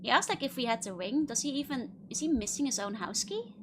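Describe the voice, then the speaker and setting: A woman's voice: a little high, sing-song, fast talker, background noise. A woman streamer giving casual gameplay commentary with playful, giggly asides.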